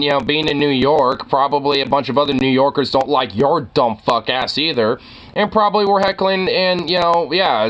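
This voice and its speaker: A man's voice: mid-range voice, a bit bright. Heated, profane male reaction commentator. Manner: rambling, heated, many fillers and restarts.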